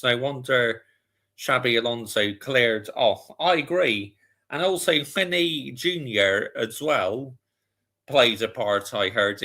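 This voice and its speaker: A man's voice: mid-range voice, pushed and bright. A man hosting a live football watch-along, chatting casually and answering viewer comments.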